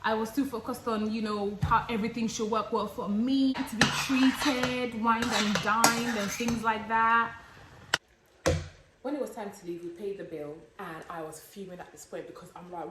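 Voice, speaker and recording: A young woman tells a story in a cooking vlog, acting out both sides of it with lively drama. Her voice echoes around a home kitchen, and a faint noise sits behind it. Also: a little high, normal speed. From England. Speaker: vlogger.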